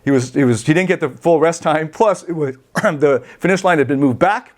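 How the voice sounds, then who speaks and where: A man hosting a coaching podcast, telling a story in a rambling, animated way with many self-corrections. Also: on the high side, normal speed, a little hiss or hum. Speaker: podcast host and life coach. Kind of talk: storytelling monologue.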